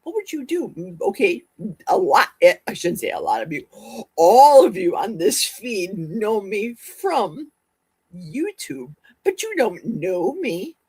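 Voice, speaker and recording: A middle-aged woman hosting a casual livestream, talking fast and rambling from one topic to the next. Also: medium pitch, sing-song, warm tone, slightly rough, dry recording. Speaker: livestream host.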